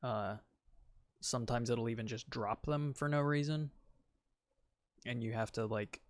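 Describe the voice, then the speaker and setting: A man streaming a video game, casually ranting and insisting on his point, sometimes trailing off quietly. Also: medium pitch, unhurried, no echo.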